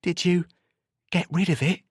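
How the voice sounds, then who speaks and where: A man voicing a frightened young man who shouts desperately down the phone in an audiobook. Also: sits high, steady tone, moderate pace, breathy edge, no room sound, clean studio sound, voice pushed up. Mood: panicked.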